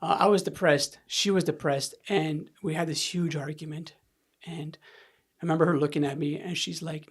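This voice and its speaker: A man's voice: on the high side, fairly even intonation, slightly rough. A man in his thirties, a podcast guest, telling a painful personal story candidly and emotionally, repeating words and sniffing as he talks. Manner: candid, halting, repeats words when upset.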